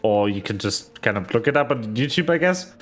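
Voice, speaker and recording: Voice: mid-range voice, animated, a little fast, faint music behind. A VTuber streamer giving rambling, chatty commentary while playing, full of fillers and small laughs. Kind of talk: casual game stream commentary.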